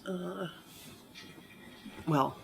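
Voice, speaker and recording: An accent modification instructor explaining in an interview, in a measured, teacherly way, sounding a little monotone from a recent cold. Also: mid-range voice, vocal fry, slight background noise. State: recovering from a cold, somewhat monotone.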